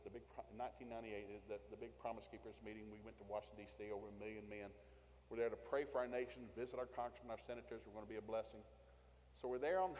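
A man from the South, preaching a sermon as a storytelling pastor who swings from hushed to loud. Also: medium pitch, long reverb tail, poor audio. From American South.

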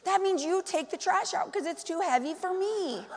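A woman preaching a sermon, animated and full of questions to the congregation. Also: extremely high pitch, moderate pace, few pauses, long reverb tail. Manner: animated, asks the crowd many questions. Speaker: pastor's wife preaching.

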